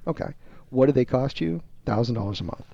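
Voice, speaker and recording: Gravelly man, emphatic teacher, dull dry podcast sound. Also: medium pitch, animated, fairly quick, dark tone, no echo. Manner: emphatic, teacherly, acts out sample dialogue. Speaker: guest, research firm executive. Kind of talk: explaining sales method on a podcast.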